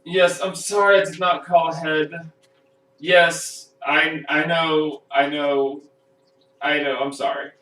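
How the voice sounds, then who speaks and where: A man putting on a fussy, flustered apprentice wizard, pitched a bit above his usual voice and pushed louder. He sounds bright and sharp, caught in a roomy space far from the mic. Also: little pitch movement, takes it slowly. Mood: apologetic.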